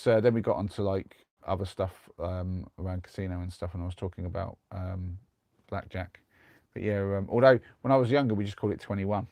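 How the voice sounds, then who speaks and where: A young man with a lowish voice spins a long, rambling anecdote on a live stream, restarting his sentences as he goes. The sound is close and dry, with no room around it. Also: gravelly, darkish tone, no room sound. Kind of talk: casual chat and storytelling. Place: converted van.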